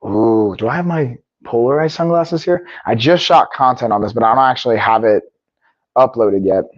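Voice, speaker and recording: A man's voice: medium pitch, normal speed, dry recording, muffled recording. A man hosting a casual live stream, upbeat and chatty, often saying "y'all" and muttering to himself between bits. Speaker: livestream host. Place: home gym.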